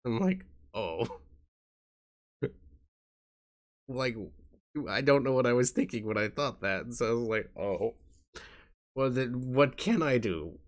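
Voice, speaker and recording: A man vlogging to his viewers in a soft, halting way, tired and in pain. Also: medium pitch, animated. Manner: soft-spoken, halting, with frequent restarts. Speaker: YouTuber. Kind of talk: casual talk to camera.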